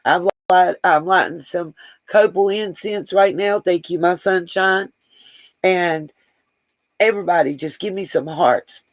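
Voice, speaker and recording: On a low-quality, echo-free recording, a male livestream host with a mid-range voice talks a little slowly. He chats casually and affectionately to viewers, rambling as he reads their comments aloud and speaks straight to them.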